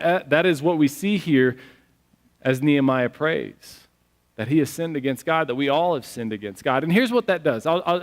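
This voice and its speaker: A man preaching a sermon as pastor, telling stories in an animated, conversational way. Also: a little high. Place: church sanctuary. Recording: long church hall reverb.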